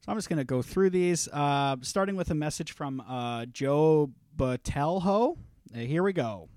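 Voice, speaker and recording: A man's voice: on the high side, lively intonation, unhurried, darkish tone, dry recording, clean studio sound. A man co-hosting a comedy podcast, joking, mock-indignant and laughing often in casual chat. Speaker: podcast co-host.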